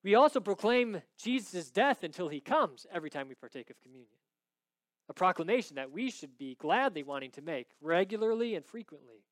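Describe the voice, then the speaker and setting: Male pastor, high voice, dry close sound, dramatic sermon delivery with hushed drops and loud peaks. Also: big pitch swings, a little fast, no echo.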